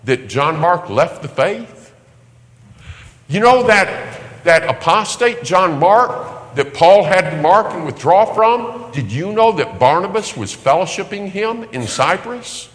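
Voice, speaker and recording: A man preaching, telling a personal story with lively acted-out voices and occasional laughter. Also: high-pitched, takes it slowly. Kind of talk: sermon storytelling. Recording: long hall reverb.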